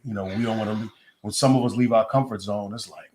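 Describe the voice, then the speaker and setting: A man guest in a casual interview, telling his story in a relaxed, low-key way. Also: fast, crowd noise.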